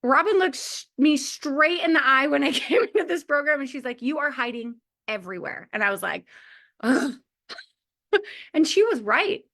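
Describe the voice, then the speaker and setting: A woman in her forties gives a heartfelt motivational talk to a community of mothers, her high, animated voice moving at a normal speed with a slightly bright quality. She's chatty, leans heavily on the filler "like," and laughs often.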